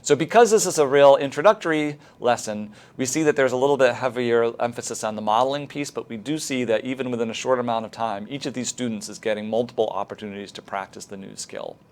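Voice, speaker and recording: A man's voice: medium pitch, quick pace, hardly any pauses. A man in a mid-range voice walks through what a teacher did in a lesson clip. He talks loosely and plainly as he explains it. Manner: informal, with fillers and restarts. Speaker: course presenter. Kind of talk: explanatory commentary on a teaching video.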